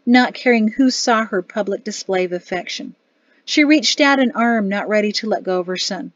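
A woman's voice: medium pitch, normal speed, dry recording. Dry, slightly muffled woman narrator. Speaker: audiobook narrator. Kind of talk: scripted narration.

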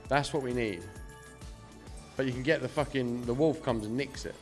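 A man's voice: medium pitch, normal speed, faint music behind. Sweary man streaming slots. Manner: swears freely, chats to viewers. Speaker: slot streamer. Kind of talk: casual live-stream commentary.

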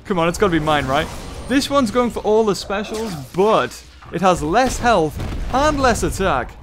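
A man giving excited play-by-play commentary on a mobile game battle. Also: high voice, moderate pace, faint music behind. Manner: enthusiastic, play-by-play like a sportscaster. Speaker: gaming YouTuber.

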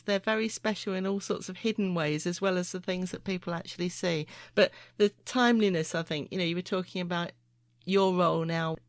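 A woman hosting a podcast, talking in a thoughtful, measured, musing way. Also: mid-range voice, no echo, studio quality. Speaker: podcast host. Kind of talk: reflective podcast conversation.

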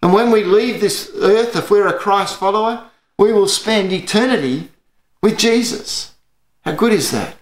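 A man's voice: high voice, a little slow, roomy sound. An Australian man preaching an earnest sermon as pastor, telling stories to his church.

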